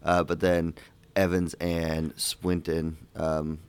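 Man, very low voice, podcast co-host, joking, rambling, lots of uhs. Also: flat delivery, clean tone. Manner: rambling, joking, halting with fillers. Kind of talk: casual movie podcast chat.

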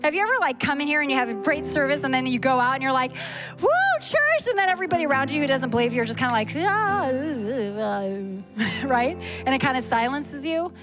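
Woman preacher, high pitch, energetic sermon delivery, church service with music bed. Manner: fast, animated preaching with Scripture reading and quick asides. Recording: sermon with clear music behind.

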